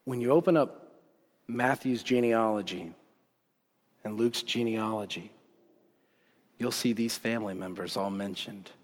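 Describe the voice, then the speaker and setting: A man preaching a sermon as pastor, telling the story in a casual, animated way with bursts of excitement. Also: on the low side, unhurried, pauses often. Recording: long hall reverb.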